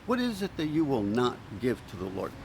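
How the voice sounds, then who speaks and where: A male pastor preaching with animated storytelling, acting out quoted voices and restarting words often. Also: medium pitch, a little fast, gravelly, a little hiss or hum. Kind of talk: sermon.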